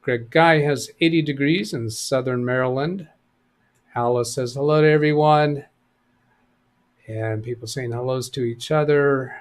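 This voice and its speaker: A man running a live computer help stream, talking casually as he reads viewer messages aloud and answers them, often thinking out loud. His pitch sits in an ordinary middle range. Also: measured pace.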